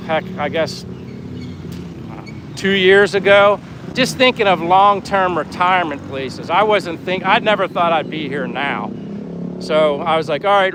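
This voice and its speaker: A rambling, friendly American live-streamer in his 50s, from Pennsylvania, walks outdoors by the sea in a town, reading chat comments aloud in a fairly high voice. Faint outdoor noise and wind on the mic come through, along with a breeze and soft street and boat sounds.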